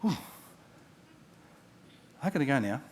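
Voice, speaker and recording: A man, a pastor preaching a sermon, telling stories and acting out the quotes, dropping from loud to hushed. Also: mid-range voice, big pitch swings, slow. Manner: storytelling with acted-out quotes, swinging from loud to hushed.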